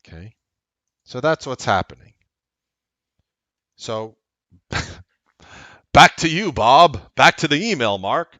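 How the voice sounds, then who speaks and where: A man's voice: animated, slow pace, long pauses, dry recording. Tense, sarcastic man ranting on a livestream. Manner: blunt, sarcastic ranting that swings from loud to low. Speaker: trading coach and livestream host. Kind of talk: unscripted livestream commentary.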